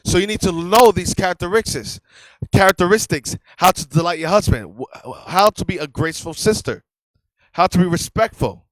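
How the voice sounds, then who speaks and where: Man, high voice, emphatic sermon teaching, dry sound. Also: lively intonation, normal speed, no echo, low-quality recording. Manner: emphatic and conversational, repeats key phrases. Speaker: teacher of a religious class. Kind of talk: fiery sermon-style teaching.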